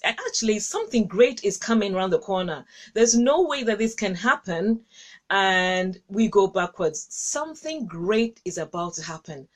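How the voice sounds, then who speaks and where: A woman hosting a live stream, chatting casually with viewers in an effusive, affectionate way, laughing often and leaping up in pitch. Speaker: host of a live-streamed encouragement session.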